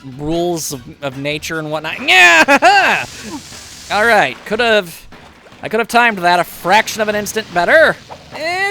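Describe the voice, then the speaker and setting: A man talks through a video game as he plays, wry and chatty, poking fun at his own mistakes. His voice sits high and bounces around a lot, with a bright, forceful edge. Faint game music plays beneath him. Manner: chatty, wry, self-mocking asides. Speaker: gameplay commentator. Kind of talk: casual let's play commentary.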